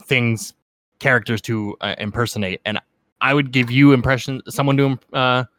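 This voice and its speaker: A man's voice: medium pitch, fairly even intonation, normal speed, a bit bright, dry recording. Laid-back joking young man, dry close sound. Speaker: podcast co-host. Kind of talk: casual podcast chat.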